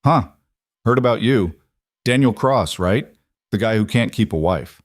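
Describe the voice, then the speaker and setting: A man's voice: fairly low pitch, animated, a little slow, no echo, clean studio sound. A man playing a cocky young prospector from Boston who taunts with a grinning, mocking tone. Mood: taunting.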